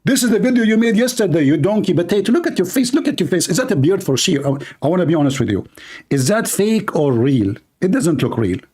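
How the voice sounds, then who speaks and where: High-voiced taunting male streamer. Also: sing-song, a little fast, darkish tone, breathy edge. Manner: taunting, insulting, non-native grammar. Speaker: online debate streamer. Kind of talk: mocking live commentary.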